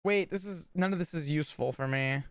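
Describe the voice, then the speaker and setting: Talking fairly quickly in a deep voice, a woman livestreams and chats with her audience in a dry recording. Her manner is blunt and rambling, with frequent swearing as she addresses chat directly.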